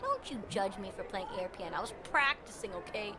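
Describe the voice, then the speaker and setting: A woman's voice: mid-range voice, sing-song, fairly quick, background noise. A woman streaming live, chatting casually with her viewers. She is chatty and giggly and trails off with fillers.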